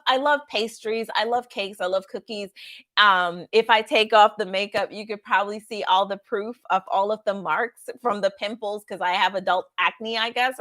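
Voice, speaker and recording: Soft-spoken earnest woman vlogger. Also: on the high side. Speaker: nurse and vlogger. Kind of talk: casual storytelling to camera.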